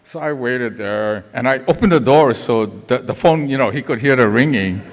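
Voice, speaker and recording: An older man telling a lively, chuckling memorial story in a church, acting out the voices as he goes. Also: mid-range voice, moderate pace. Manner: animated, chuckling storyteller who acts out voices. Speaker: eulogy speaker, former fellow band teacher. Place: church sanctuary. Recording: echoey church hall.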